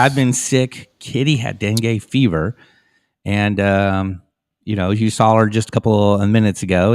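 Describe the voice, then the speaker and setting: A man's voice: on the low side, no room sound. A middle-aged man co-hosting a live stream, telling stories in a casual, rambling way full of fillers. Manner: rambling, storytelling, with many fillers. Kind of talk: casual chat.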